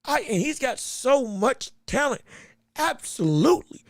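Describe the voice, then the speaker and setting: A man hosting a live boxing podcast, talking casually and getting excitable, repeating words when he gets flustered. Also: very high-pitched, unhurried, dry recording, studio quality. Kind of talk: casual live-stream commentary.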